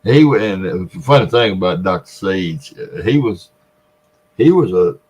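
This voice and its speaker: A vlogger in his seventies from the Mississippi Delta tells a long, folksy story in his Southern accent, laughing between lines. His voice is low, expressive and a little mellow, and he speaks somewhat slowly.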